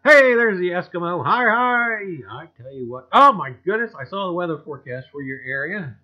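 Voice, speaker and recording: A man's voice: high-pitched, big pitch swings, moderate pace. Folksy guy chatting on a stream, keeps saying i tell you, bouncy voice, muffled lo-fi sound. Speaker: livestream host reading chat. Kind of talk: casual chat.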